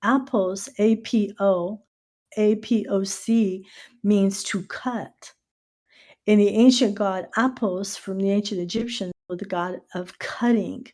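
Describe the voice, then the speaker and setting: A middle-aged American woman hosting a casual podcast, telling stories with lively asides and spelling out words letter by letter. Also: mid-range voice, slow. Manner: animated storyteller who spells out words letter by letter. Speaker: podcast host.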